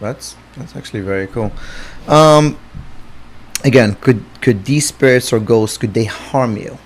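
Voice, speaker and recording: A man co-hosting a podcast, asking a guest questions in relaxed casual chat. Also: mid-range voice, a little slow.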